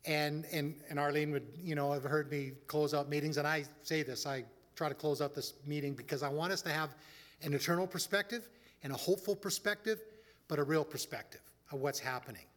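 A man's voice: fairly high pitch, steady tone, brisk, fairly bright tone, big-room sound. A man preaching a sermon as a pastor, building to fervent exhortation with frequent restarts. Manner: rising into fervent preaching, stumbles over restarts.

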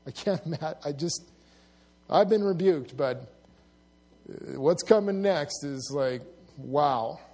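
Guy with a high voice walking through a bible passage, chatty and musing. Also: slow, long pauses, dark tone. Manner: conversational, musing, with asides and acted-out quotes. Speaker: Bible teacher. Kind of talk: casual Bible teaching.

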